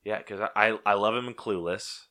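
Bright-voiced man in casual podcast chat. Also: on the low side, steady tone, a little fast. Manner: laid-back, laughs often, swears casually. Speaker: podcast co-host.

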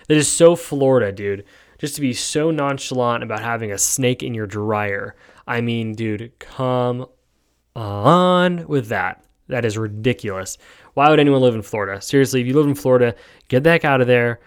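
A young man hosts a solo podcast in a smooth, mid-range voice. He talks casually and sarcastically, rambling along with frequent ums.

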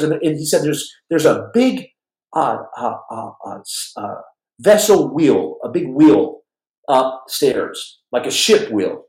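A man's voice: mid-range voice, slow pace. A middle-aged man spins a long story on his live podcast, tripping over repeated words and jumping into the voices of the people in it. He sounds worn and sore, and his ordinary mid-range voice echoes around a room with plenty of bounce. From United States. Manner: rambling, animated, repeats words, acts out quoted dialogue. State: in pain, numb hand. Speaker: podcast host telling his own stories.

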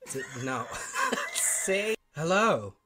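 A giggly, teasing man hosts a podcast over a video call. His pitch leaps around as he laughs and chats, and a steady hiss of noise sits under his voice. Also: very slow. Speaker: podcast host. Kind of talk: casual chat.

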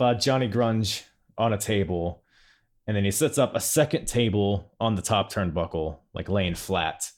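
A man's voice: fairly low pitch, darkish tone. A man hosting a casual podcast chat, laid-back, laughing often and swearing casually. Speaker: podcast host.

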